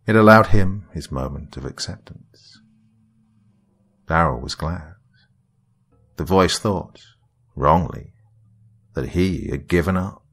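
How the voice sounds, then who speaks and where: Deep, gravelly male storyteller. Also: slow, long pauses, fairly bright tone. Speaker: narrator. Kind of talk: scripted narration of a dark story.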